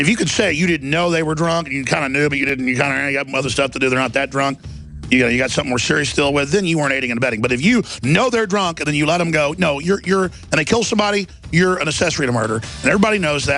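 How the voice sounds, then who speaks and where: A man's voice: fairly high pitch, fast talker, a bit bright, faint music behind. A middle-aged man hosting a talk radio show, ranting and telling stories, acting out the voices of the people in them. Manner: ranting, storytelling, acts out quoted voices.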